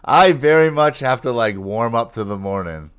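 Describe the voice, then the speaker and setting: A man's voice: medium pitch, normal speed, smooth. A man in his thirties co-hosting a casual online morning show, telling stories and laughing often. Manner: laughs often, relaxed storytelling. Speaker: co-host.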